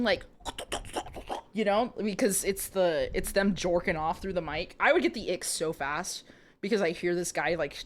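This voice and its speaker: A young woman streaming live, reading a romance novel aloud to her chat with giggly, chatty asides. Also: medium pitch.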